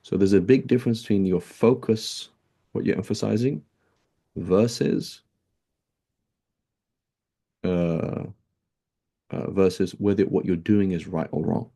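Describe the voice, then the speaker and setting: A man's voice: deep voice, unhurried, gravelly, long pauses, mellow. A man teaching a casual religious lesson, talking conversationally with many fillers and rhetorical "right?" questions. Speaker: Islamic teacher. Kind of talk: casual classroom lecture.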